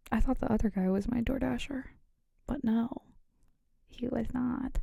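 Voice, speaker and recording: Brief: giggly rambling woman, whispered role-play, a bit high and warm. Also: fairly even intonation, moderate pace, creaky, no echo, clean studio sound. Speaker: storyteller.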